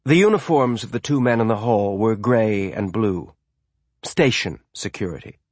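A man reading a novel aloud as an audiobook narrator, with a measured, even storytelling delivery. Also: fairly low pitch, breathy edge, no echo, clean studio sound. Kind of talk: scripted narration.

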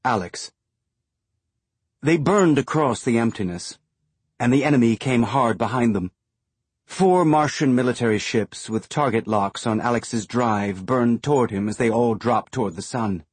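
A man narrating a science-fiction audiobook in a measured, even storytelling manner. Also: medium pitch, slightly rough, no echo.

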